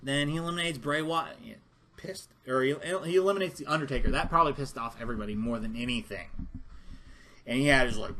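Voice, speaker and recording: A man's voice: mid-range voice, fast talker, sharp tone. A man ranting through a casual wrestling review, heated and profane, rambling with restarts.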